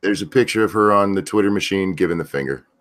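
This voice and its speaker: A man's voice: deep voice, fast. A man on a casual talk show, dropping dry joking quips. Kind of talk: casual chat.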